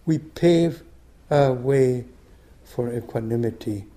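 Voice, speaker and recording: An older man giving a meditation teacher's dharma talk. He reads a story aloud in a soft, unhurried way, and his phrase ends drop to a whisper. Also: mid-range voice, a little hiss or hum.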